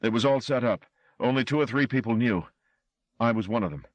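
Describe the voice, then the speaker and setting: A man's voice: medium pitch, fairly quick, no room sound, voice pushed up, close to an everyday voice. A man voicing a frightened, blustering male chauffeur who insists and pleads. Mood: pleading.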